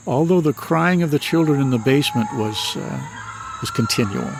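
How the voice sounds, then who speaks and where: Older man from Michigan, mid-pitched, retired minister recounting stories at an even, earnest pace. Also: vocal fry, noisy background. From Michigan, USA. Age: 60s. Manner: earnest, unhurried, matter-of-fact recounting. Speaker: retired minister and paranormal author. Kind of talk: personal storytelling in an interview.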